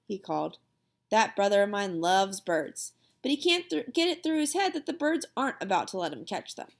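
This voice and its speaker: A woman reading a children's chapter book aloud at home, in a lively, expressive first-person storytelling manner. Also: on the high side, normal speed. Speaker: audiobook reader. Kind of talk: storybook narration.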